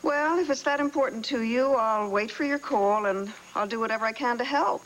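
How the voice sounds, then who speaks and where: A woman's voice: fairly high pitch, a little fast, a bit bright, slight background noise, lightly acted, rough recording. Actress playing a hesitant, hedging woman. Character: hesitant former records keeper. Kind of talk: 1980s soap opera acting.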